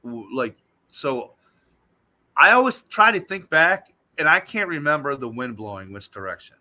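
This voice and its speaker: A man, a guest on a talk show, telling a story in an animated, emphatic way. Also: on the high side, moderate pace. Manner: animated, emphatic retelling that acts out what he said.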